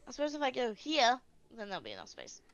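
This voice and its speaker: A woman's voice: on the high side, wildly swooping pitch, fast, fairly bright tone, no room sound, dull audio. A woman playing a tabletop game, chatting casually. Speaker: player.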